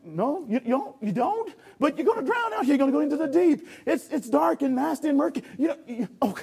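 A man preaching a sermon, addressing the congregation directly and acting out a lifeguard rescue with shouting. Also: very high voice, lively intonation, a little fast, gravelly. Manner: calls for audience response.

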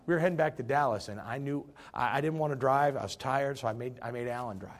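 A man's voice: mid-range voice, fast talker, hardly any pauses. A man preaching a sermon as pastor. He tells folksy stories and presses the congregation with direct questions, pushing harder as he drives his points home. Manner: folksy storytelling.

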